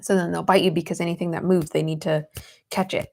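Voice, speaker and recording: A woman's voice: lowish voice, little pitch movement, quick pace, slight background noise. A young woman in her twenties hosting a casual livestream from home, chatting with viewers and reading their comments. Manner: chatty, giggly, coos softly at her cat. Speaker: livestream host.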